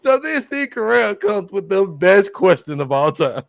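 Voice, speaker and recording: Gravelly man, lively and dry-sounding. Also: high-pitched, a little slow, dry recording. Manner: excited retelling of scenes, often laughing. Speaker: podcast co-host. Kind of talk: casual movie recap chat.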